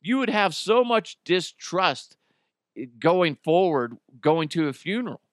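Rambling, cursing podcast host. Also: male voice, high-pitched, big pitch swings, a little slow, dry recording, studio quality. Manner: rambling, profane, with many restarts. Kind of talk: casual solo podcast talk.

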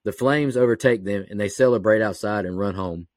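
Low-voiced man reading a plot recap. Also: brisk, no room sound, studio quality. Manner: steady, matter-of-fact summarizing. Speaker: podcast co-host.

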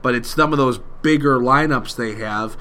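A man's voice: medium pitch, normal speed, bright, forceful tone, slight background noise. A man co-hosting a sports podcast, joking around and rambling through his points. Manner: jokey, rambling. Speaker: podcast co-host. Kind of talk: casual sports chat.

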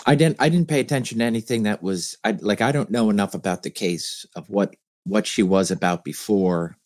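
A man's voice: lowish voice, a little fast, darkish tone, no echo. A man co-hosting a podcast in casual chat, hesitant and thoughtful with many restarts. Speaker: podcast co-host.

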